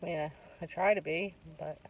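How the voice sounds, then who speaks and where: Chatty woman telling a story, gravelly. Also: on the low side, fairly even intonation, fairly quick. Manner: chatty, retells conversations with many asides. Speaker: vlogger. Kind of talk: casual storytelling monologue. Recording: distant mic with faint background noise.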